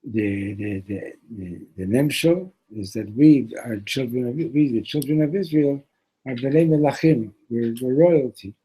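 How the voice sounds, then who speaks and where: A Torah teacher gives a storytelling lesson, teaching through a parable in a loose, conversational way with restarts and Hebrew terms. His voice is medium in pitch, unhurried and warm, with a breathy edge. The recording quality is low.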